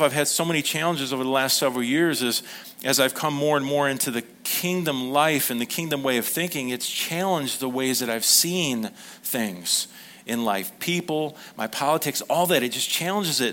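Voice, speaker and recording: A man's voice: on the high side, a bit bright. Grandfatherly pastor telling a story. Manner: conversational storytelling, asks the audience questions. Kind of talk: sermon.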